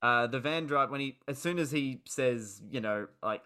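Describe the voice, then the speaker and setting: A man's voice: mid-range voice, fairly even intonation, moderate pace, few pauses, sharp tone. A man hosting a casual film podcast, talking enthusiastically and rambling. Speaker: podcast host.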